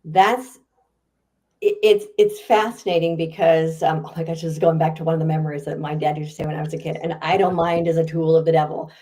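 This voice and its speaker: Interviewed on a podcast, a woman who is a guest author and speaker talks briskly in a low voice, animated and chatty, with frequent laughter.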